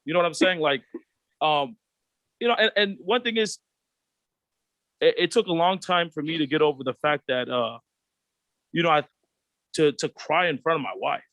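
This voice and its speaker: A man's voice: a little high, moderate pace, pauses often, fairly bright tone, dry recording. A man from the Pacific Islands, a panel guest who talks in a reflective, earnest way over a video call. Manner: reflective, earnest, acts out quoted voices. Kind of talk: candid panel discussion.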